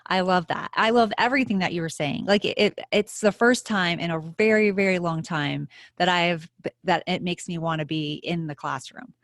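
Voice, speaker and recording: A woman hosts a casual podcast chat, full of eager agreement and encouragement for her guest. Her voice sits fairly low for a woman. It is recorded dry and close, with no room around it. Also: moderate pace, dry recording. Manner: warmly encouraging, enthusiastic agreement. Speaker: podcast host.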